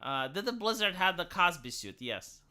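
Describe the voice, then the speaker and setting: Man, live streamer, opinionated rant, sarcastic, casual swearing, lively swooping pitch. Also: moderate pace, clear, resonant tone.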